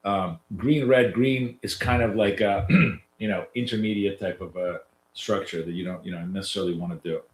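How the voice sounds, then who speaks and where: Nasal low-voiced man coaching live trades. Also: normal speed, a little hiss or hum. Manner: loose and chatty, many fillers and restarts. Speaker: trading coach hosting a live stream. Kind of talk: live trading commentary to viewers. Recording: roomy echo.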